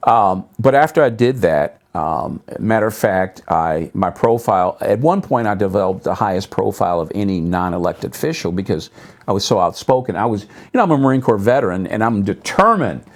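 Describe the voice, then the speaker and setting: Briskly, a middle-aged pastor tells stories as a guest in a talk show conversation at a local public access TV studio. Animated throughout, he quotes other people with abrupt leaps up in pitch and drops his voice for asides.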